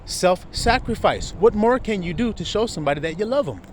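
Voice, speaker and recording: A man's voice: high voice, lively intonation, brisk, a little hiss or hum. A man preaching a sermon to his flock, asking rhetorical questions and chuckling often.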